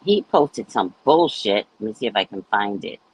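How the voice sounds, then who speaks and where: A woman's voice: very deep voice, expressive, moderate pace, husky, poor audio. A woman hosting a casual commentary show, talking in a sassy, emphatic, lecturing way. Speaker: host.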